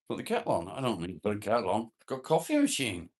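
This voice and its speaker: A man with a lowish, slightly mellow voice runs a casual livestream, reading comments, calling out viewers by name, and joking around. He talks in rapid-fire bursts, and his pitch swoops wildly.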